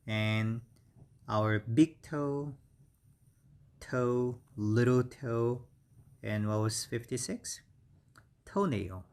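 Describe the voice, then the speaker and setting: A man with a Korean accent teaches English vocabulary at a very slow, deliberate pace. He repeats each new word several times and stops to explain stress and spelling. His voice sits at an ordinary middle pitch. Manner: slow, careful word-by-word delivery with repeated words and fillers.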